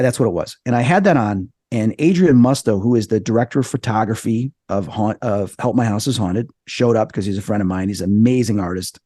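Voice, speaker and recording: Excitable man telling a story. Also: no room sound, studio quality. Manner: excitable, acts out quoted voices with big jumps in pitch. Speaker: podcast guest. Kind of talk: animated storytelling.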